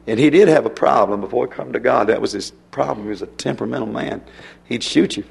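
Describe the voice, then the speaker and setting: A man's voice: mid-range voice, quick pace. A man preaching a sermon in a folksy storytelling way, with sudden emphatic rises. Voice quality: gravelly, husky voice. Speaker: pastor.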